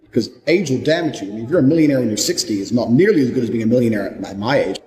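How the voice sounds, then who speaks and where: A man's voice: mid-range voice, animated, very fast, warm tone. Blunt, profane man in an echoey room. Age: young adult. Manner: blunt, profane, full of conviction. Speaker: motivational speaker. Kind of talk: motivational monologue. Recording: echoey room with long reverb.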